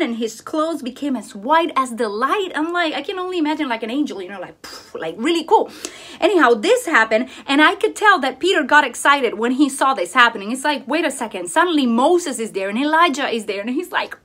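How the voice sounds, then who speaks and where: A woman vlogging a casual craft tutorial that turns into devotional talk, speaking with enthusiastic, expressive exclamations. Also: high voice.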